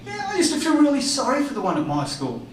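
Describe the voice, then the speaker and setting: A man's voice: very high-pitched, wildly swooping pitch, fast, a little hiss or hum. A middle-aged man doing a stand-up comedy set, chatty and teasing the crowd. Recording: echoey room, distant from the mic.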